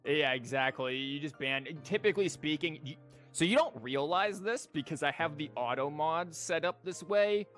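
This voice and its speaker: A man's voice: a little high, moderate pace, a bit bright. A man in his thirties streaming a game, chatting casually in a rambling, jokey way with lots of fillers. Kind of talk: casual live-stream chat while gaming. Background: game music.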